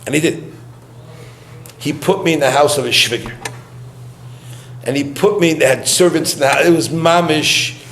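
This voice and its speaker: A man delivers a eulogy in a gathering room during mourning visits, telling chatty personal stories, laughing often, and sprinkling in Yiddish and Hebrew words. His voice is on the high side and a bit bright, at a moderate pace with frequent pauses. The recording has a roomy hall sound with faint noise.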